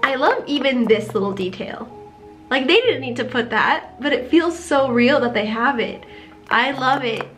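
A woman giving casual gameplay commentary, excitable and easily delighted, gasping and giggling as she explores. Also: sits high, moderate pace, soft background music. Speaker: game streamer.

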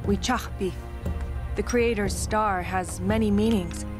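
An actress voicing a calm, caring woman pilot in a game cinematic, with a measured delivery over a loud score. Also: medium pitch, over music, natural voice. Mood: reflective.

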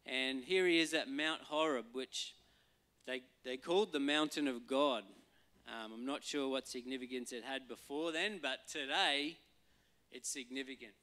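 A man, a pastor giving a relaxed, conversational sermon and acting out voices now and then. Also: medium pitch, a little slow. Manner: conversational, acts out voices and quotes for humor.

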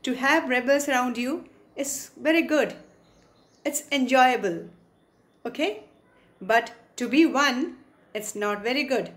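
A woman's voice: high voice, slow pace, pauses often, fairly bright tone. A woman teacher with an Indian English accent, reading a poem to a class and explaining its words, sometimes acting out short quotes. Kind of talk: English poetry lesson.

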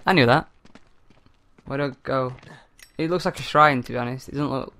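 A man's voice: medium pitch, a little fast, sharp tone, no room sound. A young man doing joking, self-mocking commentary over a game he is playing, laughing often. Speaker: let's play gamer.

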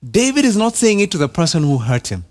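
A pastor with a Kenyan accent preaching a sermon in church, animated, repeating words and dropping to a hush for emphasis. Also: male voice, high voice, quick pace.

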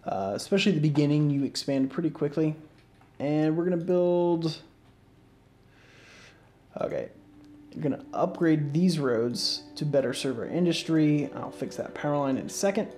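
A man hosting a casual let's-play, talking through his moves in a relaxed, rambling way with lots of fillers and restarts, yawning and sleepy. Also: fairly high pitch, normal speed. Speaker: gaming channel host. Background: faint game music.

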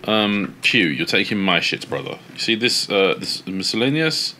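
A man casually commentating his video game play, swearing often and yelling at in-game companions. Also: lowish voice, big pitch swings, moderate pace, soft background music. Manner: swears a lot, shouts at teammates. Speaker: gaming streamer.

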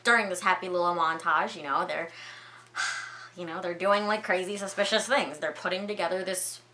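A young woman vlogger recapping a movie in a chatty, excitable way, full of filler words. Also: fairly low pitch, normal speed, a little hiss or hum.

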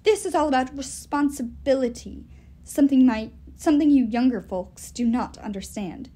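A woman's voice: high voice, moderate pace, mellow. A woman doing a stern old elf father. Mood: stern, scornful. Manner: cold, scolding, clipped.

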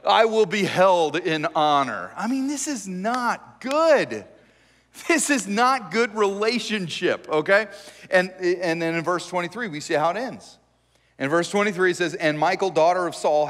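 A man preaching as a pastor, telling the story in a joking, animated, conversational way. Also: high-pitched, normal speed, big-room sound. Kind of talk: conversational sermon. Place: church sanctuary.

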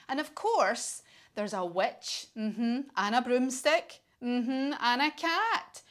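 Coaxing children through a yoga class, a British-accented woman narrates a story in a warm, encouraging sing-song. She speaks slowly, her voice on the high side with a fairly bright tone.

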